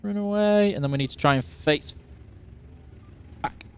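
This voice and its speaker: A man's voice: mid-range voice, flat delivery, normal speed, clear, resonant tone. A man from Yorkshire hosting a live game stream, chatting casually and teasing while reading out chat questions. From Yorkshire, England.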